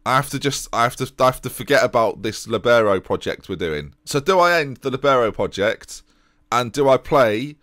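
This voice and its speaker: A man's voice: mid-range voice, lively intonation, normal speed, a bit bright, dry recording, studio quality. A man giving a let's-play commentary as a gaming YouTuber, exasperated and self-mocking as he talks over his game.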